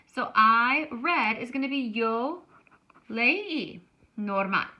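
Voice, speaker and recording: A woman teaching a Spanish grammar lesson, explaining slowly and stretching words out to show how they sound. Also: on the high side, lively intonation, dull audio.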